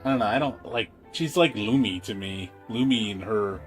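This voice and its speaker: A man's voice: fairly low pitch, moderate pace, soft background music. A man streaming a game in a casual chat, laughing often and rambling with repeated words.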